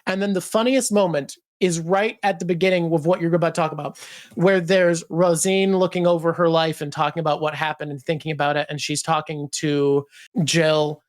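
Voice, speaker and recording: Lower-voiced analytical woman host. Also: fairly even intonation, moderate pace. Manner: thoughtful, analytical, breaks into playful voices. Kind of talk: casual chat, comics discussion.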